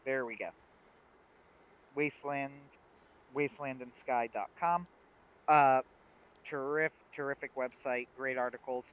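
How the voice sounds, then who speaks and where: A man co-hosting a livestream in casual chat, retelling scenes with lively acted-out quotes. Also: medium pitch, a little slow, pauses often, clear, resonant tone. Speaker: livestream co-host. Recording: dull lo-fi stream audio.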